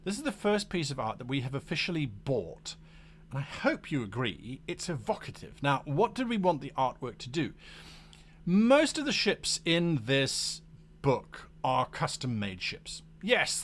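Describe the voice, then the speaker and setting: A man hosting a livestream about running tabletop games, talking casually while showing a map and acting out quoted voices. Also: mid-range voice. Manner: animated, acts out quoted voices. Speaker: game master and show host.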